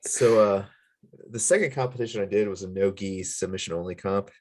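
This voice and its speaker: A man's voice: fairly low pitch, fairly quick, darkish tone. A man co-hosting a podcast, telling stories in a casual, laid-back way with light humor. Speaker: podcast co-host. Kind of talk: casual chat.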